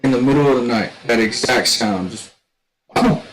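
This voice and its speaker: A man's voice: medium pitch, moderate pace, a little hiss or hum, poor audio. Rambling man telling a story. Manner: rambling, restarts a lot, shouts when quoting others. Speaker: gaming streamer telling a story. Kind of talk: casual storytelling.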